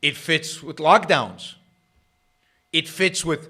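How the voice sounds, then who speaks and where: A middle-aged man hosting his own show, giving sarcastic political commentary that swings between loud jabs and muttered asides. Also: on the high side, measured pace, pauses often. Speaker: podcast host.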